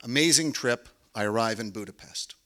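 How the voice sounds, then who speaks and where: A man's voice: medium pitch, normal speed, sharp tone. A man telling a personal story on stage, with wry, understated comic timing. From Canada.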